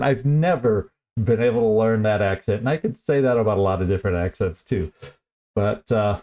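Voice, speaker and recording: A man's voice: fairly low pitch, moderate pace, a little mellow, soft background music. Chatty, laughing male game streamer. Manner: chatty, laughs often, self-deprecating. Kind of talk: casual let's-play commentary.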